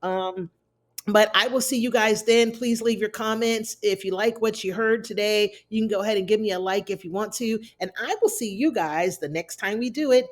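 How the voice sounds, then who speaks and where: A woman's voice: mid-range voice, moderate pace. Woman talking thru an episode recap, casual and chatty, fillers here and there. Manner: chatty, retells scenes with acted quotes. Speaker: TV recap host.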